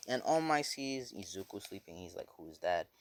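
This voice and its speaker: A man's voice: mid-range voice, animated, moderate pace. A man casually retelling a fan story, rambling with many fillers and swearing.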